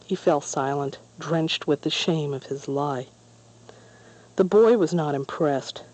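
Calm storybook reader, mellow and dark in tone. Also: mid-range voice, slow, no room sound, low-quality recording. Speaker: narrator. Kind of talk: storybook narration.

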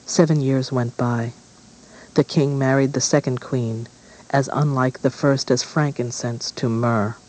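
Man narrating a dark storybook. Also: mid-range voice, fairly even intonation, poor audio. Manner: measured, dramatic.

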